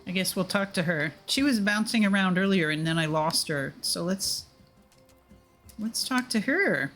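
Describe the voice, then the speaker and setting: A woman's voice: medium pitch, expressive, a little slow, a bit bright, soft background music. A woman streamer chatting casually while playing a game, with hesitant asides. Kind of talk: casual gameplay chat.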